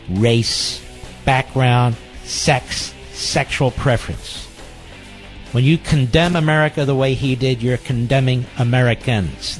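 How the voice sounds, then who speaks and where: A middle-aged man hosting political talk radio, indignant and repeating phrases for emphasis. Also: mid-range voice. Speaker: radio talk show host.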